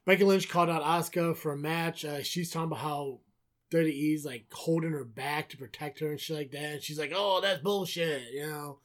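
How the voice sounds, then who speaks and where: A man's voice: fairly high pitch, flat delivery, fairly quick. A man co-hosting a podcast, recapping wrestling in casual chat, swearing often and sarcastic. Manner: profane, sarcastic, rambling. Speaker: podcast co-host.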